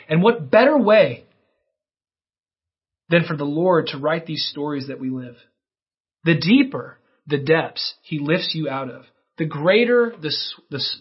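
Husky earnest preacher, muffled lo-fi sound. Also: male voice, fairly high pitch. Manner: earnest, dramatic storytelling with sudden rises and hushed drops. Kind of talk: sermon. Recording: dull lo-fi sound.

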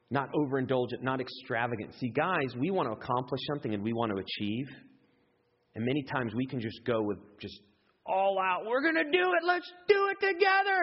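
Husky male preacher in an echoey hall. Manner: animated, acts out excited quotes with big pitch jumps. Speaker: pastor. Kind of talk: sermon. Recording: echoey hall, dull lo-fi sound.

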